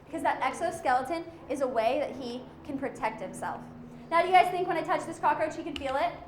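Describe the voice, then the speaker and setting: A woman's voice: sits high, lively intonation, fast talker, reverberant, a little hiss or hum. A woman presenting animals to a young audience as a zoo educator, playful and full of questions for the children.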